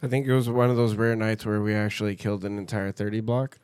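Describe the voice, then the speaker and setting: A man's voice: fairly low pitch, quick pace, smooth, no room sound. A man in casual chat, joking and teasing his friend. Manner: joking, teasing, lively delivery.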